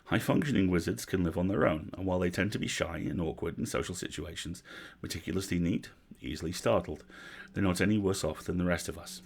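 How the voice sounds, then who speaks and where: A man reading a story aloud on a livestream, measured, with wry asides. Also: sits low, creaky, breathy edge. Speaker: story reader.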